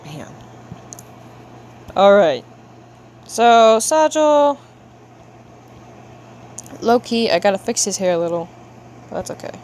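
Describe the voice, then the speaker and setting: A woman's voice: lowish voice, normal speed, long pauses, darkish tone, a little hiss or hum. A young woman chatting casually with her viewers while she draws on a livestream, playful and slangy, making a show of being frustrated. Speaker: livestreamer drawing for chat.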